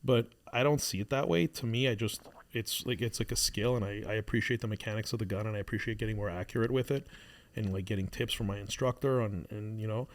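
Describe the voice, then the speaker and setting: A man in his thirties co-hosting a podcast, talking in a reflective, halting way with many restarts. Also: on the low side. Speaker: podcast co-host. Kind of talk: casual chat.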